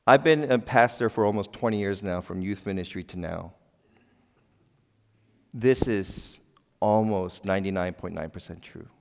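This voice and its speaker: A middle-aged man preaching a sermon as a pastor in a church. He is conversational and emphatic, asks the congregation questions and breaks into sudden loud exclamations. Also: sits low, normal speed, vocal fry, pauses often. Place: church sanctuary. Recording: long church hall reverb.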